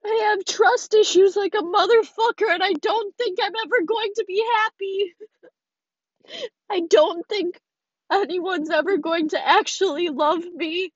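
An eighteen-year-old woman crying in her parked car, talking through a raw, halting confessional podcast monologue and swearing heavily, her voice shaking. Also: very high voice, steady tone, dry recording, lo-fi sound. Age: 18, late teens.

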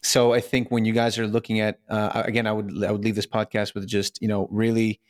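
A man's voice: fairly low pitch, level tone, a little fast, no room sound, clean studio sound. A man co-hosting a casual podcast discussion, talking earnestly, restarting his sentences often and asking rhetorical questions. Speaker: podcast co-host.

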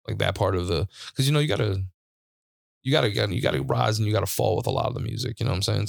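Podcast host, man, lowish voice, dry close sound, loose and profane storytelling. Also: vocal fry, dry recording. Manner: laid-back, profane, laughs often while telling stories. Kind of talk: casual storytelling chat. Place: studio.

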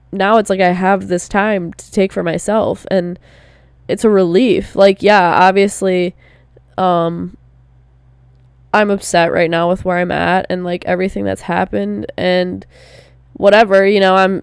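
A young woman in her twenties speaks candidly in a personal vlog, casual and slow, drawing out her words with plenty of fillers and swearing. Her mid-range voice is smooth with a darkish tone, recorded in clean studio sound without echo.

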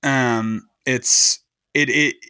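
A man's voice: medium pitch, drawn-out words, smooth, dry recording, studio quality. A man co-hosting a casual podcast, chatting loosely and swearing freely. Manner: relaxed, swearing freely, chiming in. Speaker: podcast co-host. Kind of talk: casual chat.

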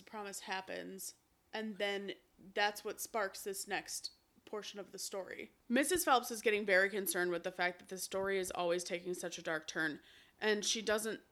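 A woman co-hosting a podcast, chatting casually as she recaps a film, telling it in an animated way and swearing freely. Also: medium pitch. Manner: animated storyteller, acts out characters' lines. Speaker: podcast co-host.

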